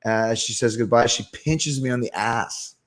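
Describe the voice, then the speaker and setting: A man's voice: medium pitch, moderate pace. Profane storytelling male host. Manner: animated, profane anecdote telling. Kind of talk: casual storytelling.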